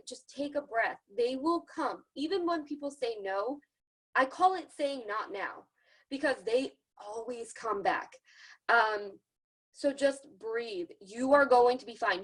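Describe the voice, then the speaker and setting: A woman's voice: a little high, a bit bright, low-quality recording. Upbeat woman giving a team pep talk. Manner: chatty, encouraging, acts out other people's lines. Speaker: team leader giving a sales training. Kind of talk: casual motivational training talk. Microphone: video call.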